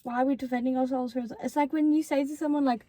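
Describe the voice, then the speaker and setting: A young woman chats casually and scolds in a blunt, sweary way. Her voice sits a little high. The sound is dry and close, with no room echo. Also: steady tone, fast talker, dark tone. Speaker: co-host. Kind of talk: casual chat.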